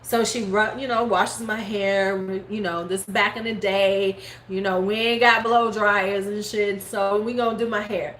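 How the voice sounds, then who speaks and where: A middle-aged woman hosting a live stream, casually telling a story in animated fashion, swearing freely and acting out her relatives' words. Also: mid-range voice, a little slow. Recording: roomy echo, faint background noise.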